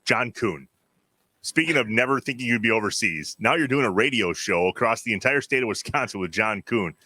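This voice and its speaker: A man's voice: lowish voice, animated, brisk, sharp tone, dry recording. A man hosting a podcast, steering the talk with dry, wry remarks. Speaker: podcast host.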